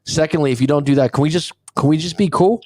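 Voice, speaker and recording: A man hosting a relationship coaching talk show in casual chat, telling stories with lively acted-out quotes and casual swearing. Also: fairly high pitch, fast talker, no echo, studio quality. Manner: animated storyteller who acts out quotes, swears casually.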